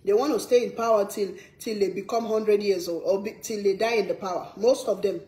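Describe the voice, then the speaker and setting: A woman from Sierra Leone, a cooking vlogger, talks a little fast to her viewers in a casual vlog, using Sierra Leonean English. Her mid-range voice is mellow with fairly even intonation, and the recording has a roomy sound. She stresses points earnestly and emphatically by repeating words.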